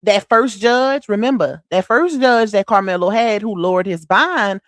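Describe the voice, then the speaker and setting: A woman's voice: medium pitch, normal speed, dry recording, studio quality. Chatty woman hosting a livestream. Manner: chatty, slangy, speaks straight to the chat. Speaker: livestream commentary host. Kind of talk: casual livestream commentary.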